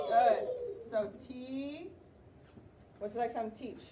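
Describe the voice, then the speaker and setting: Teacher sounding out words for young kids. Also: female voice, on the high side, slow. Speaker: elementary school teacher. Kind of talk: classroom writing lesson. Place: classroom. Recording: roomy, distant classroom mic with background noise.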